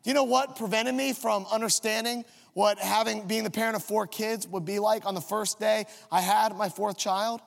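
The pastor's voice is high and slightly gravelly, with fairly even intonation, a moderate pace and hardly any pauses as he tells a self-deprecating family tale in his sermon. His words ring with the long reverb of a large hall.

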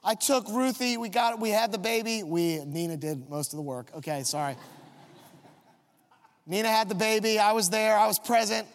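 A man's voice: high voice, expressive, moderate pace. A man in his thirties preaching a sermon, telling a comic, self-mocking story about his own family. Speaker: pastor. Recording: long reverb of a large hall.

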